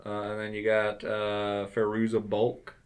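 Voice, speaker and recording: A man co-hosting a casual movie review chat, halting with lots of fillers and dry remarks. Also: on the low side, completely flat delivery. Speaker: podcast co-host.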